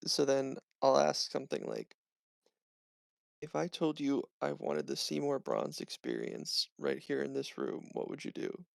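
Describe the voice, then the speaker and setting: A player at a tabletop game, with a strongly gravelly, fry-laden voice that swings lively up and down. He speaks formally in character, recorded dry and close. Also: medium pitch, a little slow, no echo. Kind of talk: tabletop role-play.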